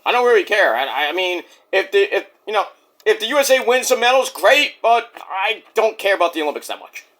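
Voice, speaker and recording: A man's voice: sits high, animated, fairly quick, a bit bright. A man casually reviewing a wrestling show in a rambling, jokey, profane way.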